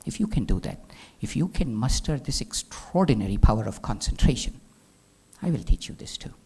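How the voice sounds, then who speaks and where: A man voicing an old warrior teacher in a retold legend, speaking in a measured, solemn way. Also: medium pitch, very animated, creaky, mellow, slightly rough, heavily acted. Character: old male warrior teacher, grave and testing.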